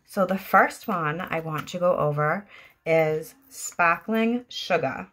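Woman with a Boston accent, slightly low voice, chatty and gushing as she reviews products at home. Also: measured pace, fairly bright tone, slight background noise. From Boston area, US. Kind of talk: casual product review vlog.

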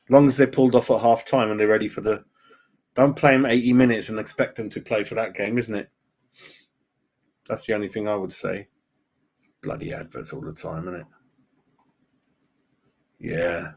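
Man, live-stream host, chatty, matey, casual, mid-pitched. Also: animated, normal speed, long pauses. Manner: chatty and matey, reads chat aloud, calls viewers mate. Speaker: fan channel host. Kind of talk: live-stream chat about football.

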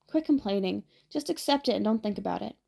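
A woman reading the part of a cheeky, chatty young boy who teases and talks briskly. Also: mid-range voice, animated, gravelly, darkish tone, husky, full character voice. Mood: teasing.

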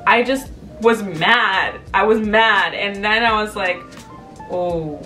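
A woman's voice: mid-range voice, takes it slowly, distant mic, soft background music. A woman in her twenties, a vlogger talking candidly to camera in a casual, chatty way and acting out what people said. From Canada. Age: 20s. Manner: chatty, candid storytelling with lively quoted voices.

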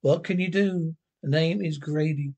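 A man's voice: on the high side, measured pace, darkish tone, dull audio. A man reading a TV script aloud, voicing a bitter, brash jockey who sneers at himself, in a solo script reading. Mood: bitter, sneering. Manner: snarling, self-mocking, brash. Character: bitter, banned little male jockey.

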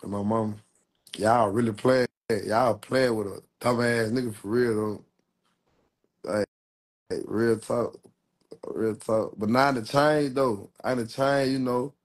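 A man's voice: mid-range voice, steady tone, slow. A man in his twenties talking casually on a livestream, rambling and repeating himself in heavy street slang. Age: 20s. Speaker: rapper.

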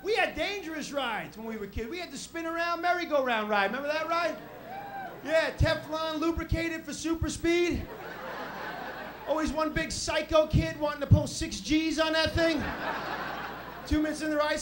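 Male stand-up comic, high and animated, noisy live club tape. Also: normal speed. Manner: animated, swings loud and soft. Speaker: stand-up comedian. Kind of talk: stand-up comedy set. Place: comedy club stage. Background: audience laughter.

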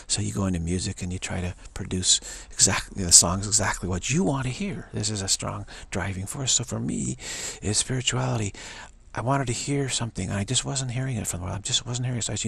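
A spiritual teacher delivers a monologue in a lowish male voice, brisk and fairly even in intonation, gravelly yet a bit bright with a breathy edge. He repeats affirmations again and again, sometimes sinking to a whisper.

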